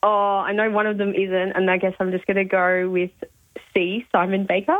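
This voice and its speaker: A woman's voice: medium pitch, level tone, normal speed, a little hiss or hum. Brief: female radio caller from Australia, eager, phone-line sound. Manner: enthusiastic, agreeable.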